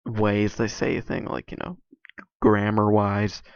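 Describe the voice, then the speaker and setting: A young man talks loosely over his game in a low, gravelly voice, halting often and leaning on fillers and restarts. The recording is dull and lo-fi, with a dry, close sound. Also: flat delivery, no room sound. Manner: halting, filler-heavy, many restarts and likes. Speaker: video creator. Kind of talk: casual rambling commentary over gameplay.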